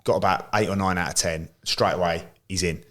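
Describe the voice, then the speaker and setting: A middle-aged former footballer telling dressing-room anecdotes on a podcast. His voice sits low. He speaks in a relaxed way and keeps checking in with his friends through little tag questions. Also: fairly quick. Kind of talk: casual chat.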